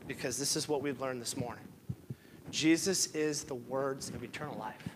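Against background noise, a male pastor with a medium-pitched voice preaches at normal speed. His impassioned sermon builds to emotional peaks, and he sounds tearful, close to crying.

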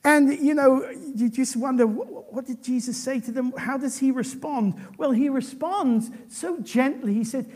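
A man preaching a sermon, animated and often restarting his sentences. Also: extremely high pitch, measured pace, few pauses.

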